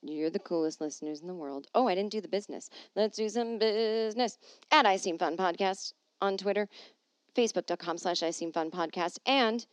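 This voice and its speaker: A woman's voice: mid-range voice, brisk, no echo. Rambling, self-mocking woman podcast host. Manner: rambling, self-deprecating, playful. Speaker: podcast host and touring comedian. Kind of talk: casual solo podcast chat, reading listener emails. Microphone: podcast microphone.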